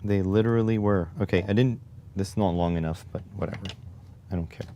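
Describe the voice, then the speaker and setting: A man from Canada with a deep, low voice chats casually to his livestream audience. He rambles in wry, offhand asides while working with his hands. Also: fast talker, mellow. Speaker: livestream host.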